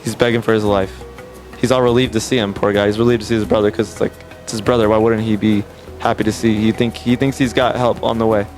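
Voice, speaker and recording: A man retelling a film scene by scene in an animated, emphatic way, often restarting his sentences. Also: on the low side, fast, soft background music. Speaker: film reviewer. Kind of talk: casual scene-by-scene movie recap.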